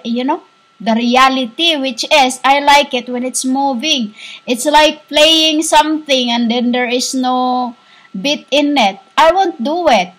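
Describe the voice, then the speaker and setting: A woman giving a rambling spiritual monologue as a self-styled teacher. She talks haltingly, with many fillers and restarts, and often breaks into soft laughter. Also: sits high.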